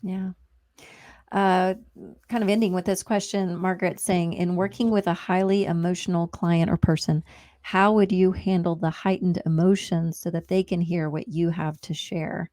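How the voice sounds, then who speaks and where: Female moderator, mellow low voice, calm conversational delivery. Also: moderate pace, no echo, clean studio sound. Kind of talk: casual webinar talk.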